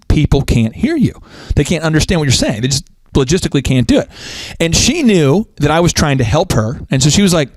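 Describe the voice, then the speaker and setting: A middle-aged man hosting a business podcast, talking casually and rambling with quick restarts. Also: a little high, big pitch swings, no echo, poor audio. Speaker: podcast host.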